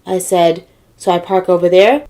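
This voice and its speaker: A woman telling a comedic story as an animated, exasperated rant, swearing often. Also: fairly low pitch, moderate pace.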